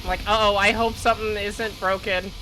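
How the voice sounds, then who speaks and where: A woman's voice: mid-range voice, a little fast, low-quality recording. A woman streamer giving casual gameplay commentary, rambling and correcting herself as she goes. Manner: rambling, self-correcting, laughs often. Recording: steady background noise.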